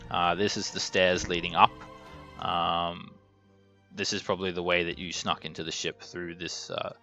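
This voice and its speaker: A man's voice: deep voice, flat delivery, normal speed, pushed and bright, highs cut off, soft background music. A man running a tabletop game as game master, describing scenes with frequent ums.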